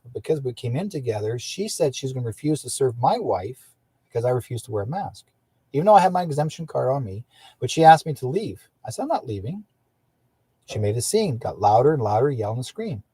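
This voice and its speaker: Male radio host with a husky, dry voice; casual rambling monologue. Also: mid-range voice, warm tone, no echo. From British Columbia, Canada. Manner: rambling, with restarts and acted-out quotes.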